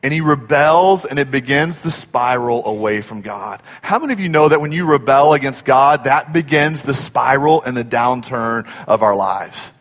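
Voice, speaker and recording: A man preaching a sermon in a church, telling stories in an animated way and acting out the voices in them. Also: medium pitch, normal speed, few pauses. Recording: long hall reverb.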